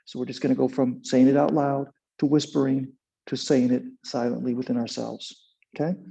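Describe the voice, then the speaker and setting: A man teaching a kundalini yoga class, giving calm, unhurried instructions and guiding a chanted mantra with a few fillers. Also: mid-range voice, gravelly, slightly rough. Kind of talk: guided yoga and meditation instruction. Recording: dull lo-fi sound.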